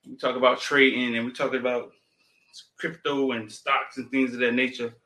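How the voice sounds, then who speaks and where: A man's voice: mid-range voice, little pitch movement, normal speed, bright, forceful tone. A man hosting a casual call-in talk show with loose, repetitive, slangy patter. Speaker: show host.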